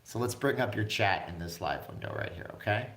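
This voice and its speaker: A man's voice: fairly low pitch, animated, fairly quick, fairly bright tone. A man hosting a casual live stream from home, chatting loosely and reading viewer comments aloud. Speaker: vlog host. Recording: echoey room.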